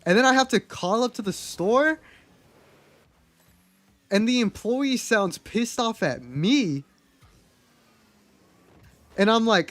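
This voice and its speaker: A young man talks to his stream from a desk mic at home, chatty and candid and cursing freely as he tells stories. His voice sits a bit high for a man. The sound is close and dry, with no room echo. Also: lively intonation, takes it slowly, pauses often, fairly bright tone. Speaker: livestreamer. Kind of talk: casual storytelling to a live chat.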